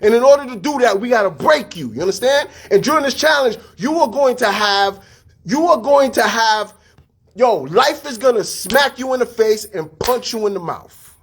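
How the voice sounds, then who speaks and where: A man giving a casual motivational talk, energetic and full of street slang, repeating his phrases. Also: extremely high pitch, normal speed, breathy edge. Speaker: fitness studio staff and podcast host.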